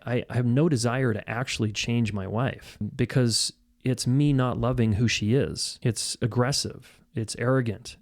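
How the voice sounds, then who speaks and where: A man's voice: mid-range voice, darkish tone. A man giving relationship advice straight to camera, blunt and emphatic, talking casually with frequent restarts. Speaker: relationship coach. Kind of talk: direct-to-camera advice talk.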